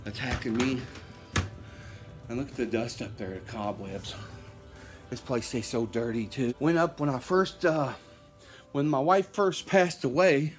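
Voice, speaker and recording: A man walking through his home while filming, talking in a rambling, conversational way and repeating himself. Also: fairly high pitch. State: short of breath at times. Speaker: homeowner vlogger. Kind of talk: casual walkthrough video. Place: inside his house and outside in the yard.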